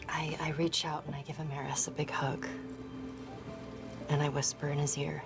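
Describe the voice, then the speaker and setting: A woman playing a tabletop game, role-playing a mother and speaking softly, often in a whisper. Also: low-pitched, level tone, normal speed, gravelly, music in the background. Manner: soft, often whispering in character. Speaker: player.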